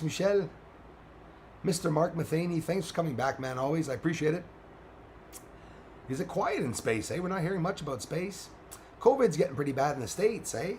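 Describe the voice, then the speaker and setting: A man with a hoarse, strained voice, casually chatting and greeting viewers on a live stream. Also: medium pitch, slight background noise.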